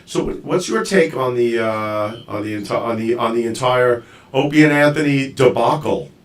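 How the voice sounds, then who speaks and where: Rambling casual male stream host. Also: mid-range voice. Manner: rambling, halting, with many fillers. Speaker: show host. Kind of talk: casual live-stream chat.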